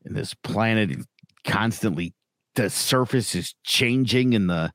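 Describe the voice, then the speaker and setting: A man's voice: lowish voice, unhurried, fairly bright tone, dry recording, clean studio sound. A man co-hosting a casual podcast, rambling and opinionated with frequent fillers. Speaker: podcast co-host. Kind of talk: casual chat.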